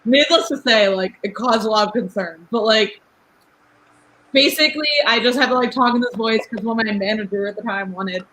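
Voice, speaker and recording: On a low-quality recording with slight background noise, a young woman in her twenties, a rapper, guests on a laid-back podcast. Her voice runs high and fairly bright as she talks quickly and candidly, laughing a lot and filling her speech with "like."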